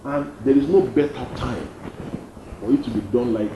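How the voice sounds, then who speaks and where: Emphatic young Nigerian man in a roomy room. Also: moderate pace. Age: young adult. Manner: emphatic, repeats points, lively pitch swings. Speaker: activist guest. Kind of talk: interview answers. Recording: dull roomy studio sound, faint noise.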